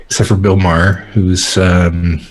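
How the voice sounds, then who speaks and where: A man with a low voice co-hosts a casual podcast. He keeps his jokes dry and his delivery laid-back, and he trades banter easily. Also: little pitch movement, a little slow, a crowd in the background. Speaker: podcast co-host. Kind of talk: casual chat.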